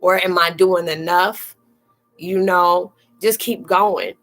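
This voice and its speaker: A woman's voice: on the low side, steady tone, slow pace, a bit bright, faint music behind, rough recording. A woman hosting a live-stream spiritual chat, close to tears and speaking earnestly and colloquially to her viewers by name. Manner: colloquial, fillers and restarts, calls listeners sweetie.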